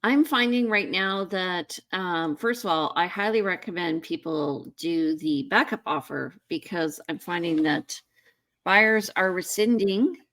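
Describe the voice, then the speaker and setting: A woman's voice: on the low side, a little slow, a bit bright. A woman hosting a real estate show in casual chat, with many ums and restarts. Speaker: real estate agent, host.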